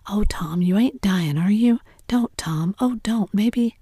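A woman's voice: medium pitch, measured pace, mellow, slightly rough, dry recording. A woman voicing an anxious younger brother, a whispered role-play with urgent, fretful whispers.

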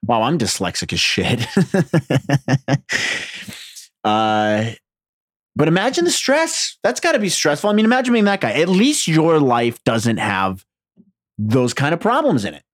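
A man's voice: a little high, wildly swooping pitch, unhurried, pauses often, husky, no echo. A man from New Jersey rambling through a casual monologue, profane, sarcastic and self-deprecating.

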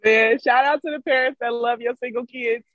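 A man's voice: very high voice, fairly even intonation, normal speed, dry recording, phone-quality sound. A man in a casual chat, easygoing, blunt and slangy.

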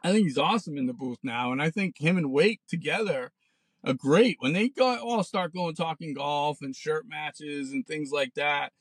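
A man's voice: on the high side, moderate pace, husky, no room sound. A man in his forties hosting a podcast, ranting bluntly and sarcastically with plenty of swearing, recorded in a parked car. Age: 40s. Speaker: podcast host. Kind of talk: ranting casual monologue.

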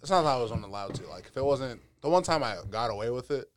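A young man, a podcast guest, chatting casually and telling animated stories with playful voice impressions. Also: medium pitch, quick pace. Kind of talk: casual chat.

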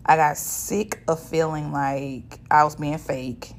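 A woman's voice: sits low, flat delivery, slow pace. A woman, hosting a podcast as a blunt, profane solo monologue. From Shreveport, Louisiana, US. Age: 30s. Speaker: podcast host.

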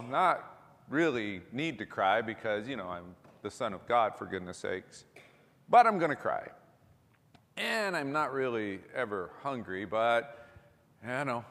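A man's voice: mid-range voice, a bit bright, voice pushed down. A man doing a knowing newborn baby. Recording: long reverb of a large hall.

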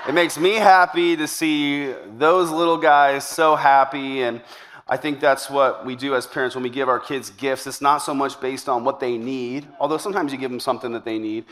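A pastor with a mid-range, fairly bright voice preaches a sermon to his church congregation at a moderate pace. His intonation is fairly even, and his delivery is conversational and upbeat, with jokes along the way.

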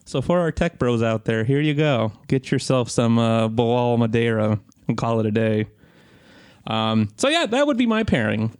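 A man in his thirties co-hosting a podcast, telling an animated story in casual chat and swearing freely. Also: mid-range voice, moderate pace, smooth. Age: 30s. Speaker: podcast co-host.

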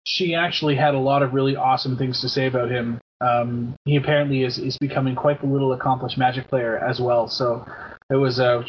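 A man in his thirties hosting a podcast in casual chat, rambling through shout-outs with many fillers and the odd swear word. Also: medium pitch, slight background noise. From Canada. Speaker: podcast host. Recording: dull lo-fi podcast audio.

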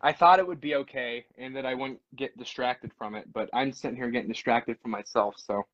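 A man's voice: mid-range voice, fairly quick, fairly bright tone, dry recording. Goofy, rambling man on a lo-fi mic. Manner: goofy, rambling, playful storyteller. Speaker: podcast co-host. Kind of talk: casual live-stream chat.

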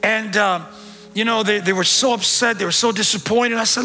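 A middle-aged man preaching a sermon in church as pastor, joking and animated, with bits of street slang. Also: high voice, moderate pace, big-room sound, faint music behind.

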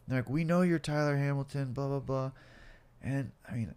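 A man in his late twenties or older recounts his own life story in a casual interview, speaking in a clear, resonant mid-range voice at a fairly quick pace. He's profane and animated, swearing a lot and acting out both the cops and himself.

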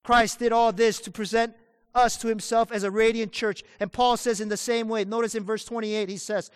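A male pastor with a strikingly high voice delivers an emphatic sermon, leaning on single words and putting questions to his listeners. His voice sits close and dry on the mic. A long reverb hangs behind it, as in a large hall. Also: steady tone, brisk, clean tone. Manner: emphatic preaching, asks the congregation questions, stresses single words.

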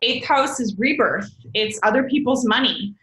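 A woman's voice: on the high side, normal speed, a bit bright. Woman, rambling astrology guest, self-correcting, chatty, roomy echo. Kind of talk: casual podcast explanation.

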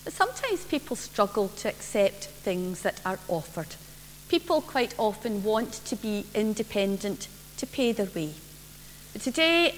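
Woman, minister, gentle sermon, slow, long church reverb. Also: mid-range voice. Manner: measured, gentle storytelling. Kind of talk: sermon with children's story. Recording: reverberant church, faint hum.

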